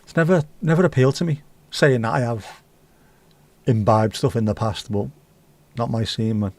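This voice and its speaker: A man's voice: medium pitch, normal speed, a little mellow, dry recording. A middle-aged man, hosting a livestream and rambling casually while reading out viewer comments. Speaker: livestream host. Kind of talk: casual chat.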